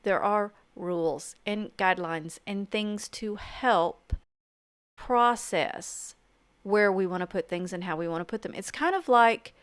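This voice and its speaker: A middle-aged woman narrates an art journaling lesson over her own video. She is chatty and eager, rushing ahead with little self-deprecating asides. Her voice is smooth and clear, and the recording is close and dry. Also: medium pitch, no room sound. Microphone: home voice-over mic.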